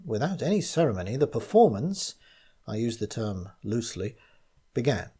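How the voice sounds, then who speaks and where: A man reading his own gothic mystery story aloud, in measured first-person narration. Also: lowish voice, dark tone, breathy edge.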